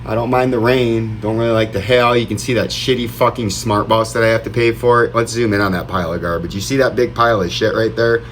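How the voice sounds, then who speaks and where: Male crypto vlogger, lowish voice, rambling and profane. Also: fairly even intonation, brisk, hardly any pauses, slight background noise. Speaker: crypto vlog host. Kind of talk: casual rambling vlog commentary.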